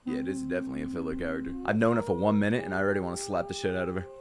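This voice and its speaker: A young man hosting a casual anime reaction video, excitable and laughing often, with plenty of swearing and exclamations. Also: sits low, racing, loud music behind the voice. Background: faint anime soundtrack playing.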